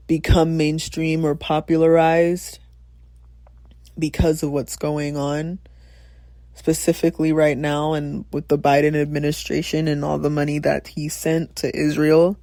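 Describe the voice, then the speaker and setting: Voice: medium pitch, dark tone, no room sound. A podcast host who also teaches, talking in a casual, passionate, rambling way, swearing often, laughing and thinking aloud. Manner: passionate, rambling, frequent profanity.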